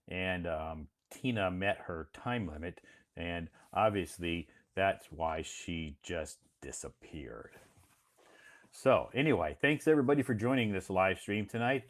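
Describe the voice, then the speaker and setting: A man from the United States with a very low voice talks on a casual live stream. He speaks slowly and patiently and repeats key words so that learners can follow. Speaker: live stream host and English teacher. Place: home in Beijing.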